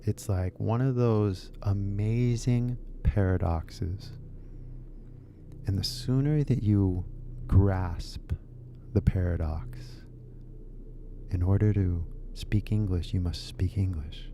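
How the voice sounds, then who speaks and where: Gravelly laid-back Californian man. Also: sits low, warm tone, a little hiss or hum. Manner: laid-back, musing, drawn-out phrases. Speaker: English teacher. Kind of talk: casual rambling video lesson.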